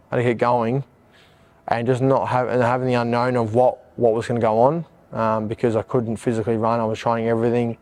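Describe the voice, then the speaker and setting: A man reflecting on a hard stretch of his run in an interview, speaking haltingly as he searches for words. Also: medium pitch, a little mellow. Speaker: runner.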